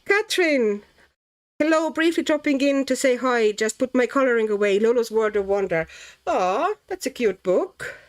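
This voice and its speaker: A woman hosting a relaxed livestream, chatting casually as she colours, reading out viewers' names and thinking aloud while she works. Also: a little high, normal speed. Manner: chatty, laughs often, reads chat names aloud; muses aloud while working. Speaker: livestream host.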